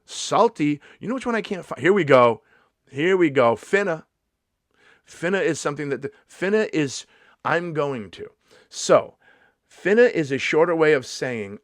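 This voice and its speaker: A man in his fifties riffs through a comedy vlog monologue in a sarcastic, mock-indignant tone, swearing freely along the way. His voice sits at an ordinary middle pitch. The sound is dry and close, with no room echo. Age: 50s.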